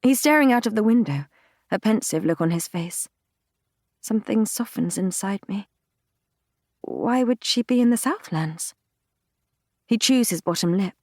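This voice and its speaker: Woman, audiobook narrator, first person, measured intimate reading, mid pitch, dry studio sound. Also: animated, a little mellow, no echo. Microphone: close studio mic, dry.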